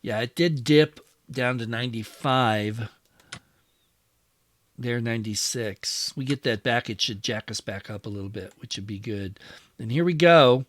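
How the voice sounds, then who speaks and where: Slow, musing man playing a wargame. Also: mid-range voice, fairly bright tone, dry recording. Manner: musing, talks to his units as he moves them. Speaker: wargame channel host. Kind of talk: casual strategy game play-through commentary.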